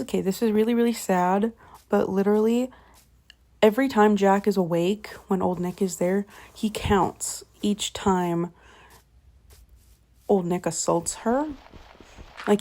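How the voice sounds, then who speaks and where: A woman's voice: medium pitch, vocal fry, mellow. A young woman retelling a book in a casual, rambling way, swearing freely and often correcting herself. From Canada. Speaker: vlogger.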